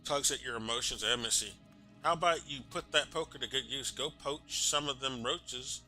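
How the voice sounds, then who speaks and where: A man voicing a pair of scrappy male bug roach keepers in a put-on Cockney accent, gruff and slangy, while reading game dialogue aloud. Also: medium pitch, moderate pace, pushed and bright, soft background music. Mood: gruff wary.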